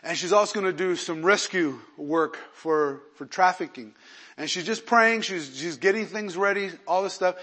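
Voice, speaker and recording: A pastor preaches a sermon in a high-pitched voice at a moderate pace. He swings animatedly between loud emphasis and quiet asides and acts out the quotes he cites.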